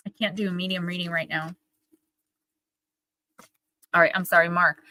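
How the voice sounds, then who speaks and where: A young woman hosts a live-stream oracle card reading and casual chat, talking in a rambling, earnest, emotional way. Her voice is on the low side, level and sharp-toned, at normal speed. The audio, from a live-stream microphone, is poor.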